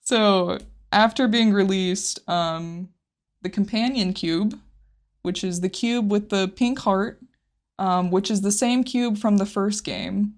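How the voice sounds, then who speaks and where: A woman's voice: mid-range voice, animated, takes it slowly. A woman co-hosting a casual podcast, talking thoughtfully about a game, often laughing and openly getting emotional. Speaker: podcast co-host.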